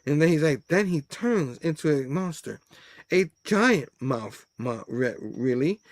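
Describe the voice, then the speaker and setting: A man's voice: on the high side, expressive, unhurried, no room sound. A man hosting a casual comic book review show, rambling and laughing as he reads panels aloud. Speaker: host.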